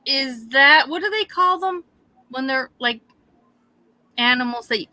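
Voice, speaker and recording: A woman hosting a live stream, chatting casually and telling a story in an animated way, with frequent swearing. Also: high voice, measured pace, no echo. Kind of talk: casual chat.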